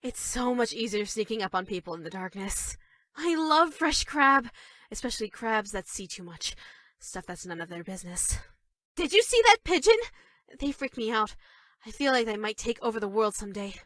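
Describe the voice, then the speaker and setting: A high-pitched, obsessive schoolgirl for a dating game, bashful and stammering one moment and quietly sinister the next. The recording is dry and close, with no room sound at all. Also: big pitch swings, moderate pace, no echo. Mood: creepy sweet. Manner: shy and stammering, with sudden dark menace. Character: obsessive yandere schoolgirl, sweet but creepy. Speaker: voice actress for a dating game character. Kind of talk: scripted game voice lines.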